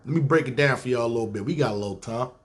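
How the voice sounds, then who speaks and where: This New York man, a podcast host, races through a long story about his own life in a medium-pitched voice. He keeps it casual, profane and streetwise, acting out the lines of the people involved.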